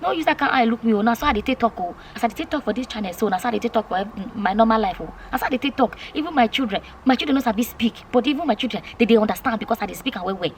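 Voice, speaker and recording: A woman's voice: a little high, lively intonation, very fast, hardly any pauses, a little hiss or hum. A woman with a Nigerian Pidgin accent, chatting casually and emphatically to her vlog viewers, repeating herself often. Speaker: vlogger.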